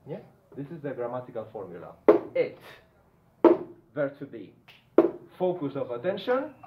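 Male teacher, slightly high voice, repetitive and checking in, lo-fi phone-like sound with light hiss. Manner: repetitive, checks understanding often. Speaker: English teacher. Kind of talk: grammar lesson. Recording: tinny phone-like audio with faint noise.

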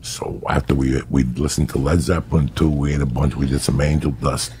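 A man's voice: rumbling low, steady tone, fairly quick, warm tone, a little hiss or hum. A middle-aged man rambling through profane, raunchy comic stories as a guest storyteller.

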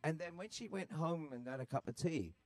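A man's voice: fairly high pitch, expressive, a little fast, no room sound. An English man, a podcast guest, rambling and joking in crude casual chat. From England.

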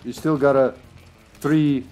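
A young man talks through his game as he streams, musing aloud and reasoning things out in a loose, casual way. His voice sits at an ordinary middle pitch. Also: fairly even intonation, takes it slowly, darkish tone, soft background music. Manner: thinking aloud, musing as he plays. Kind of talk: casual gameplay commentary.

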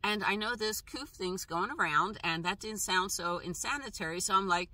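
A woman vlogger telling personal stories in a casual, halting way, with frequent pauses, restarts and fillers. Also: mid-range voice, animated, sharp tone, dry recording. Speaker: travel vlogger.

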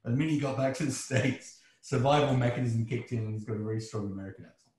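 An English man answering a seminar question, thinking aloud with halting restarts. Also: medium pitch, darkish tone. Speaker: seminar speaker. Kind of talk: academic Q&A answer. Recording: echoey room.

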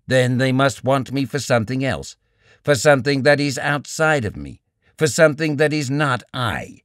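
A man's voice: medium pitch, expressive, fairly bright tone, dry recording, studio quality, natural voice. A man reading a bitter, coolly reasoning young writer. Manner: measured, cool, argumentative. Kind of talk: audiobook character reading.

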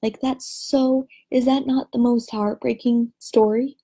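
A woman from New Orleans who teaches Spanish, chatting casually on a live stream and telling stories with animated emphasis. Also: on the high side, a little slow.

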